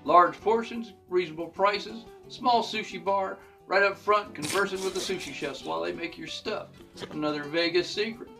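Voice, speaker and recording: A man's voice: high-pitched, moderate pace, creaky, bright, forceful tone, faint music behind. A man doing a playful, hammy comic sponsor bit.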